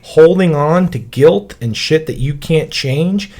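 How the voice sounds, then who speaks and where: A man's voice: on the high side, expressive, slow, a little mellow. A man co-hosting a podcast in casual chat, emphatic and swearing freely, stretching words for stress. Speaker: podcast co-host.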